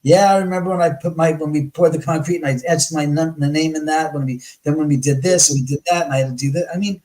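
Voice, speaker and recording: A man guest on a live talk show, telling a story in a lively way, acting out his past arguments and swearing freely. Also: on the high side, quick pace, low-quality recording. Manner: animated, acts out his own past arguments.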